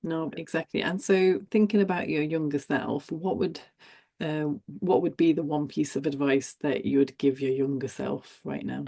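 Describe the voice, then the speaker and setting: Husky, gravelly woman podcast host. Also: deep voice, fairly even intonation, moderate pace. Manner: brief affirmations and gentle questions. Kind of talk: podcast interview.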